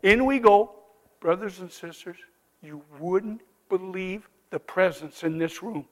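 A man telling a missionary testimony to a congregation, animated and exclaiming often as he cues slides aloud. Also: sits high, a little slow. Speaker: visiting missionary speaker.

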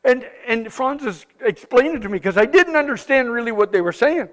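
High-voiced man telling an excited testimony. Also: fairly quick. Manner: animated, exclaims often, cues slides aloud. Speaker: visiting missionary speaker. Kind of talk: testimony storytelling to a congregation.

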